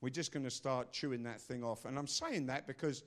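An older man preaching a sermon in a forceful way, swinging between loud bursts and low asides. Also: brisk.

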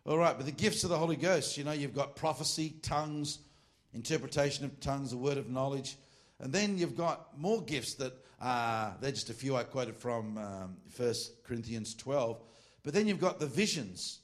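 Joking Australian preacher, rambling asides. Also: male voice, mid-range voice, animated, normal speed. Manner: rambling and joking, with frequent asides and self-corrections. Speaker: preacher teaching a ministry class. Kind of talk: informal sermon.

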